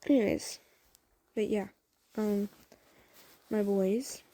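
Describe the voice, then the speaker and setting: A woman tells a fan love story in a loose, chatty way, full of fillers and false starts. Her voice is mellow and a little breathy. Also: medium pitch, fairly even intonation, takes it slowly, no echo. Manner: rambling with many fillers and restarts. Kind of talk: casual spoken fan story.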